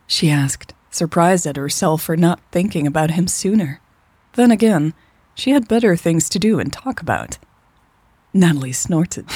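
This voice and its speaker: Woman narrator, soft unhurried reading, husky breathy voice, low pitch. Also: no echo. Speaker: podcast storyteller. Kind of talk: scripted story narration.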